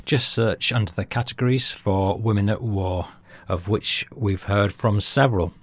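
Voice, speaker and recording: A man's voice: fairly low pitch, fairly even intonation, normal speed, dry recording. Brief: British male podcast host, chatty and self-amused, close dry mic. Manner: chatty, chuckles at his own jokes. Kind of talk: reading listener feedback.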